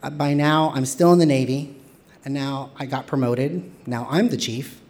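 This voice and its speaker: A man's voice: mid-range voice, moderate pace, slight background noise. Man telling a wry personal story. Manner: candid, wry, animated with quoted voices.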